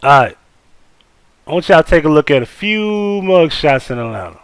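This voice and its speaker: Male livestream host: blunt, profane, swoops up and down in pitch, dry close sound. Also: moderate pace, no room sound. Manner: blunt, profane, animated, talks to chat. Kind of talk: casual live commentary.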